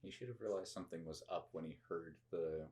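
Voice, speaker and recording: A woman's voice: a bass voice, brisk, warm tone. A woman sharing wry trivia during a casual movie commentary. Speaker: film commentator.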